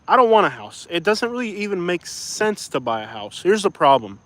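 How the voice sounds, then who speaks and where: A man's voice: high-pitched, very animated, fairly quick, fairly bright tone, no echo. Frustrated young man venting on a live stream. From Florida. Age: young adult. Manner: frustrated, venting, apologetic about swearing; says "bro" and "like" often. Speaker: YouTuber reading live chat. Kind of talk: casual live-stream rant.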